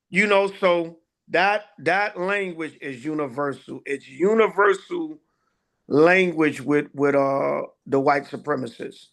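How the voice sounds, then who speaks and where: A man with a high, gravelly voice leads a casual class as an elder. He tells long stories full of fillers, slipping into other people's voices as he quotes them. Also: slow, fairly bright tone. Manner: storytelling with many fillers and quoted dialogue.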